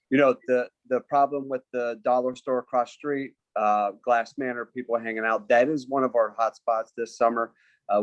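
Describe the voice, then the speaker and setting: A man's voice: medium pitch, no echo. A man who commands a police district, giving a formal, briefing-like update in an online community meeting. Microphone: video call.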